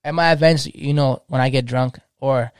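In a casual podcast chat, a male DJ in his thirties talks passionately in slang and often restarts his sentences. His mid-range voice is clear and resonant, with fairly even intonation and a moderate pace, captured in a dry, clean studio recording.

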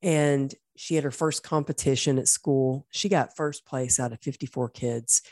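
A very low-pitched woman hosts a podcast interview, telling personal stories with effusive, faith-tinged enthusiasm. Her voice sounds dry and close, with no room around it. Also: normal speed, darkish tone, no echo. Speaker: podcast host. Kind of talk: conversational interview.

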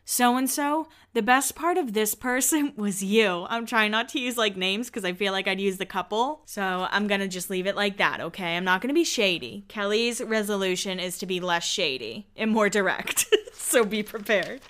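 A woman hosting a podcast, recapping reality TV in a chatty, snarky, animated way. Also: medium pitch, moderate pace. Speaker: podcast host. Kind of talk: casual reality-TV recap chat.

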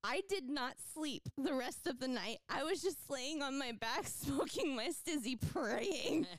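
A young woman tells a story on a casual podcast with a high, bright voice. She is animated, laughs often and swears freely. The sound is dry and close. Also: unhurried, no room sound. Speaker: podcast co-host. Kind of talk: casual chat.

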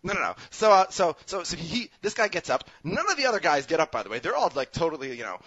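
Lively Minnesota-born man with New York accent. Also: fairly high pitch, husky, no room sound. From Minnesota, USA. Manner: animated, self-mocking, quick with restarts. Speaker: podcast host. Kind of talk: casual storytelling chat. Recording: dry, slightly muffled sound.

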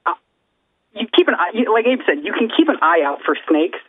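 A man's voice: sits high, very animated, fairly quick, breathy edge, no echo. Man on a tinny phone line. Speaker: podcast co-host. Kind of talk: casual podcast banter.

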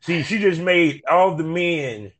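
A man's voice: fairly high pitch, slow pace, fairly bright tone. A man in his forties from North Carolina with a Southern country twang, hosting a casual podcast chat in a laid-back, slangy way. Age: 40s. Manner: laid-back, laughs often, loose slangy talk. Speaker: podcast host.

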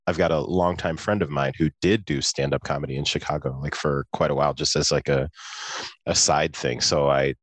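A male podcast host with an extremely deep, low voice, chatting casually with his guest. His humor runs dry and sarcastic. The recording is dry and close, with no room sound. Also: fairly even intonation, fairly quick, no room sound. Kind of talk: casual conversational interview.

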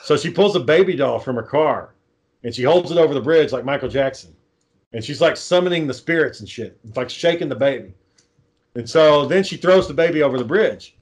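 A man in casual chat, rambling through a low-budget horror film plot, swearing freely and acting out the characters' lines. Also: animated, a little fast. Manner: rambling, profane, acts out quoted lines. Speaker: amateur filmmaker pitching a script.

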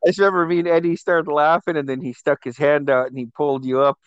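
A man with a slightly raised pitch spins rowdy stories from the past, cursing casually and chuckling between lines. The sound is close and dry, with no room echo. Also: fast talker, clean tone, highs cut off. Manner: profane, animated storytelling with laughter. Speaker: host. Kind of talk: casual storytelling chat.

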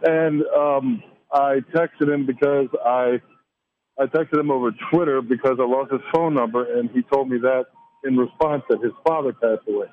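A man from New Orleans phones in to a radio show and tells his story in a halting, hesitant way. The phone line makes his voice thin and tinny. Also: medium pitch, slight background noise. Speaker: caller. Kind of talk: phone call.

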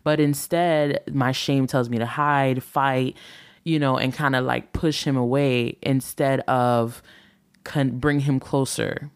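A woman's voice: a bass voice, steady tone, takes it slowly, clear, resonant tone. A woman in her thirties who hosts a relationship talk show. She talks in a candid, reflective monologue that rambles with fillers.

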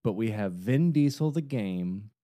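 A man co-hosting a podcast, joking in a halting way about upcoming video games. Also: lowish voice, expressive, warm tone. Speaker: podcast co-host.

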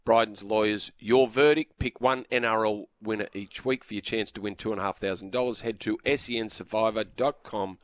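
An Australian man co-hosting sports radio, arguing his point in a measured way. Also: fairly low pitch, fairly even intonation, no echo. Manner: measured, reasoning, reads ad copy.

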